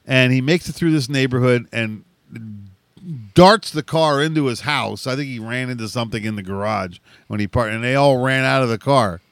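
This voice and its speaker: A middle-aged man telling a rowdy story in casual chat, animated, swearing freely and laughing often. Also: mid-range voice, moderate pace, no echo.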